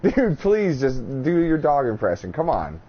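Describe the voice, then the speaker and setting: A man's voice: fairly high pitch, wildly swooping pitch, normal speed, lo-fi sound, a crowd in the background. A man co-hosting a casual podcast, pushy and laughing, swearing through the banter. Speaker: podcast co-host. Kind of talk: casual chat.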